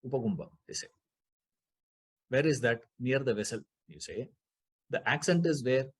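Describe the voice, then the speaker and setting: A man with a husky, slightly breathy voice of middle pitch teaches a scripture class. He explains grammar step by step, repeats the key terms, and keeps asking his listeners rhetorical questions. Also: lively intonation, moderate pace.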